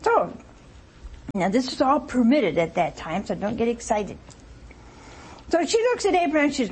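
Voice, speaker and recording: A woman preaching a storytelling sermon in a lively, chatty way, asking the congregation questions and acting out the quotes. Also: fairly high pitch, moderate pace, pauses often, husky.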